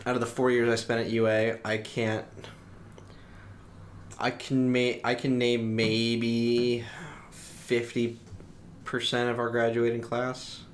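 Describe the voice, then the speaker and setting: A man's voice: mid-range voice, completely flat delivery, slow, long pauses, a little hiss or hum. A young man co-hosting a podcast, musing in casual, rambling, thoughtful sentences. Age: young adult. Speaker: podcast co-host. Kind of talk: casual reflective chat.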